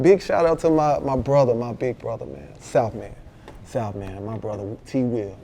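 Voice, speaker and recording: A man with a Memphis accent, a rapper telling a story in a casual interview, animated and full of slang, acting out what others said. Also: medium pitch, brisk, creaky, slight background noise. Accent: Southern US, Memphis. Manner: animated, slangy, acts out quoted dialogue. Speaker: rapper guest.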